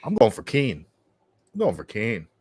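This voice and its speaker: Laid-back lower-voiced man. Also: huge pitch swings, normal speed, a little mellow. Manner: brief, laid-back replies. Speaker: podcast co-host. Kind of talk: casual live fight commentary.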